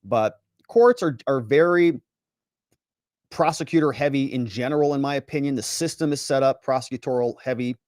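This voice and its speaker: A man who is a lawyer hosting a livestream, giving sarcastic, animated commentary and reading viewer chat aloud. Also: mid-range voice, moderate pace, dry recording, studio quality.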